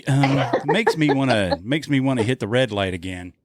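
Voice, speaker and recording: Teasing male podcast co-host, animated banter, dry close mic. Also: mid-range voice, moderate pace, dry recording. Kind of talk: casual podcast chat.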